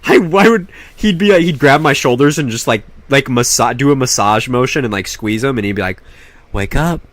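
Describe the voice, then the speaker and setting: A young man telling a rambling, profane story in a casual, animated way, with many restarts. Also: medium pitch, brisk, no echo. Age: young adult. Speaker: vlogger.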